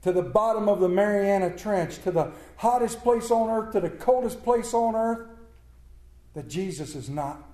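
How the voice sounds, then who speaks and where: A man preaching a sermon in an earnest manner, repeating key words and often dropping to a hushed tone. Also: sits high, animated, moderate pace, echoey room, poor audio.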